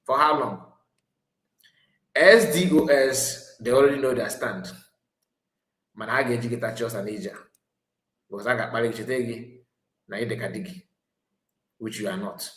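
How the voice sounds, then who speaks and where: A man with a Nigerian accent rambles through mocking commentary, laughing at his targets and slipping between English and Igbo. His pitch sits mid-range, and his voice rings with a roomy echo. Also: moderate pace, pauses often, fairly bright tone. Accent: Nigerian, Igbo-mixed English.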